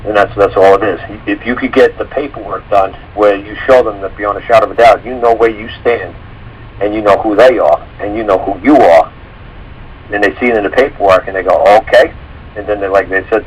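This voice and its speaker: A man's voice: fairly low pitch, steady tone, a little fast, slight background noise, rough recording. A man talking casually on a radio show, rambling through stories, acting out quotes and swearing freely. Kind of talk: casual call-in radio talk.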